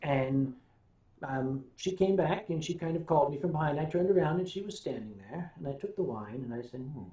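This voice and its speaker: A man's voice: on the high side, animated, fairly quick, warm tone. An older American man hosting a casual livestream. He tells rambling, wry stories, hums to himself between thoughts, and answers viewers' questions. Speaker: livestream host. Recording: roomy echo.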